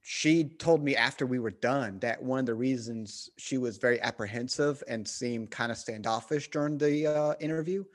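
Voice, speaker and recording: A man with a Southern American drawl hosts a relaxed conversation. He talks with animated energy and laughs easily. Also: medium pitch, moderate pace, hardly any pauses. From United States. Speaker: podcast host. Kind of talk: casual chat.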